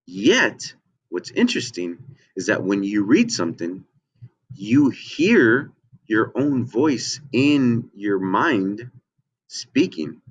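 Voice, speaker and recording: A man's voice: fairly low pitch, sing-song, slow, husky. A man from the United States teaching a children's lesson, often asking "okay?" and "right?" between ums. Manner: checks in with frequent "okay?" and "right?", many ums. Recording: dull lo-fi audio.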